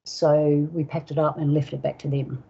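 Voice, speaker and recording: An older woman with an Australian accent, a guest elder telling a personal story in unhurried casual talk, acting out voices and sounds. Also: sits low, flat delivery, creaky, mellow, slightly rough, muffled recording. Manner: unhurried, acts out dialogue and sounds.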